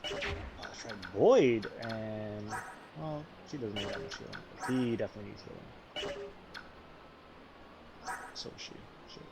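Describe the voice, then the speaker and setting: A man streaming a video game, giving casual commentary full of swearing and animated rants. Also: on the low side, a little slow, creaky, pauses often, very noisy.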